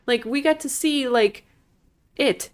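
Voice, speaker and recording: A woman's voice: sits high, slow pace. A woman co-hosting a casual podcast, blunt and crude, grossed out by a film. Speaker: podcast co-host. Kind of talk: casual film review chat.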